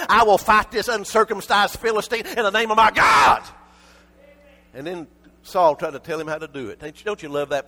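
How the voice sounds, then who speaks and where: A male preacher, preaching a sermon that swings from shouted peaks to soft, close asides. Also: high-pitched.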